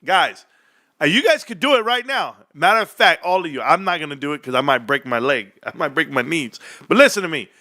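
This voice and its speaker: Animated, lively-voiced male streamer. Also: fairly high pitch, fairly quick. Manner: animated, swearing, laughing often. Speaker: livestream host. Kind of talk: casual livestream chat. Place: home desk setup.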